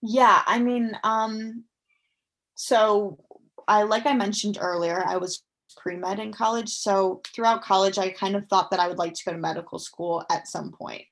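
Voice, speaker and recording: A woman's voice: medium pitch, fairly even intonation, a little slow, fairly bright tone. Woman, twenties, casual interview chat, upbeat, filler-heavy. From United States. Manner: chatty, frequent fillers, upbeat. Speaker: guest, professional athlete.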